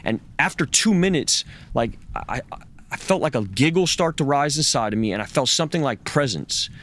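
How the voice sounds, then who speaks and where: A man's voice: medium pitch, animated, normal speed, fairly bright tone. A man as an interview guest, telling a personal story candidly, raw and profane and intense, and he acts out what other people said.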